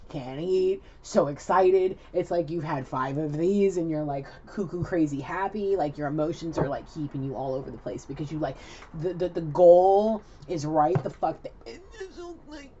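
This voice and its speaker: A woman giving a casual tarot card reading, chatty, excitable and profane. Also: sits low. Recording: lo-fi with loud hiss.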